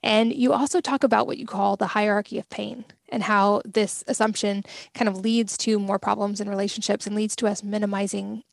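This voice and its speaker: A woman hosts a podcast, framing long, thoughtful questions with her own reflections. Her voice has plenty of gravelly fry. The sound is dry and close. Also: medium pitch, little pitch movement, a little fast, few pauses, no room sound. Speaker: podcast host. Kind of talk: podcast interview.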